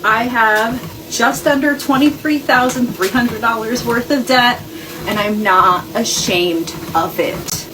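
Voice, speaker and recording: A woman's voice: fairly high pitch, recorded from a distance, background noise. A woman speaking candidly in a chatty walk-and-talk vlog while walking on a walking pad at home. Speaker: vlogger with a corporate job.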